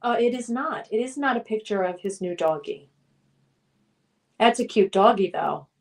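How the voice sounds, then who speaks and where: A woman's voice: mid-range voice, lively intonation, normal speed. A young woman hosting a trivia quiz on a live stream, chatting casually and reading out viewers' names and answers in a playful, sing-song way. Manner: chatty, reads chat names aloud, sing-song at times.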